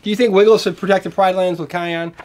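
A woman's voice: lowish voice, steady tone, fast talker, very noisy. A woman hosting a toy review, playfully coaxing a child and talking to viewers at home. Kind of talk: toy demo for kids on camera.

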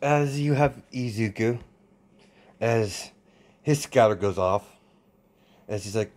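A man improvising fan-fiction narration in a casual, halting way, with many restarts and fillers. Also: on the low side, darkish tone. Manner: hesitant, full of restarts and fillers. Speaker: storyteller.

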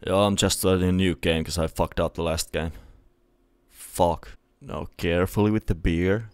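A young man with a Finnish accent doing let's play commentary, excitable and swearing often at the game. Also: sits low, moderate pace, clean tone, dry recording. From Finland. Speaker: gaming youtuber.

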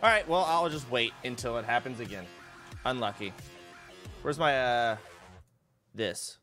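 A man's voice: mid-range voice, expressive, a little slow, pushed and bright, soft background music. A young man chatting casually on a livestream, rambling and swearing freely. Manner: rambling, profane, exclaiming.

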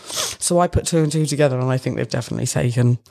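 A woman's voice: extremely low pitch, fast talker, gravelly, dark tone. A young British woman from the UK, chatting casually as an interview guest, rambling with fillers and frequent laughter. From United Kingdom. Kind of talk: casual chat.

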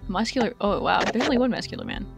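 A woman's voice: fairly high pitch, fast, gravelly, over music. A woman watching cameras in a horror game, teasing her partner and laughing a lot. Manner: teasing, giggly, mock-taunting. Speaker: co-op gaming partner. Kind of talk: casual gaming banter.

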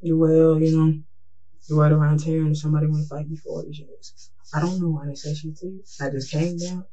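Brief: male suspect, fast, rambling, profane, agitated, picked up from across an interview room with faint noise. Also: a little high, level tone, warm tone, muffled recording. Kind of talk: police interrogation answers. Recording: distant mic with faint noise.

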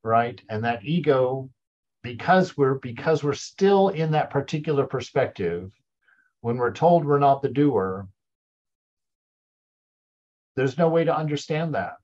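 A man's voice: medium pitch, expressive, measured pace, long pauses, a little mellow, highs cut off. A man teaching a group in an informal spiritual talk. He chuckles often and stops, restarts and repeats words as he looks for phrasing. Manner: chuckles often, loose and conversational.

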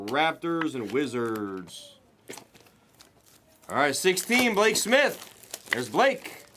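A man hosting a card break, chatting casually and rattling off pulls with excited running commentary. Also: fairly high pitch, slight background noise. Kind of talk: casual chat while opening cards.

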